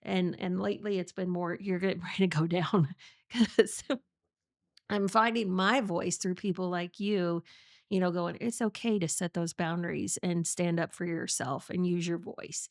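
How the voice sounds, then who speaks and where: A woman hosting a podcast in a casual interview chat, chatty and laughing often, with halting restarts. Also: lowish voice, dry recording, studio quality. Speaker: podcast host.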